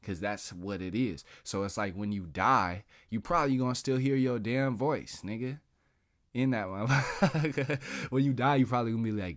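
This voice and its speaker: A man's voice: mid-range voice, fairly bright tone, no echo, studio quality. A man in a casual philosophical monologue, rambling and slangy with lots of profanity, drawing out his words as he muses and laughing often. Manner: drawn-out, musing delivery. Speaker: podcast host.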